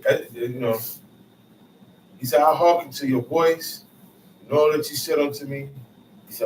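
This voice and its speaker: Bible teacher, male, slangy paraphrasing, higher voice, distant roomy recording. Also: normal speed, pauses often. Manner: explains verses in casual slang, repeats and paraphrases, lively rises. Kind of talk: street-style scripture teaching. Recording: roomy echo, far from mic, faint noise.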